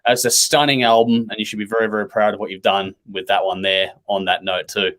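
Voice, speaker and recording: A man hosting an interview over a video call, friendly and hurried, reading out viewer comments. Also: fairly low pitch, little pitch movement, fairly bright tone. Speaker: host. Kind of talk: casual interview chat.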